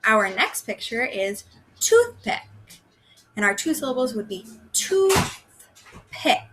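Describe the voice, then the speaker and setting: A woman teaching a recorded first grade phonics lesson, slowly sounding out words for young children. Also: fairly high pitch, very animated, sharp tone.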